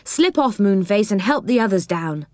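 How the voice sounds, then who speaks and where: A woman's voice: mid-range voice, animated, moderate pace, a little mellow, no room sound, studio quality, natural voice. A woman voicing Joe, an earnest boy who takes charge, in a storybook reading. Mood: firm. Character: bossy eager boy Joe.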